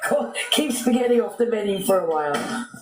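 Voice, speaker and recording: A woman hosting a casual live stream chat who laughs often and talks in an animated way. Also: mid-range voice, a little fast, over music.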